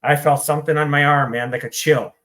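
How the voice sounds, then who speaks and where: A man's voice: a little high, fairly even intonation, a bit bright. A man speaking as an interview guest about recovery, telling his story candidly in a blunt, profane, hyper way. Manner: hyper, rapid-fire delivery.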